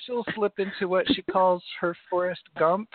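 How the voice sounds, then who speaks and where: A male podcast co-host in casual chat, lively and joking, laughing often. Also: high-pitched, moderate pace, a crowd in the background. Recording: phone line with background noise.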